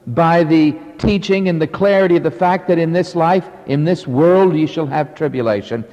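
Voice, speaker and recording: A man's voice: a little high, moderate pace, few pauses, mellow, long reverb tail. A middle-aged man preaching a sermon with an emphatic, rising and falling cadence.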